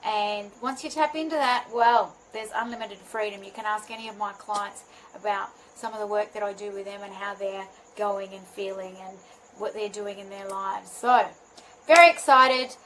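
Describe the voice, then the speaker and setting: A spiritual healing mentor chats live to her viewers in a bubbly way, often laughing at herself. Her mid-range, slightly bright voice moves at a moderate pace, and the low-quality recording has slight background noise.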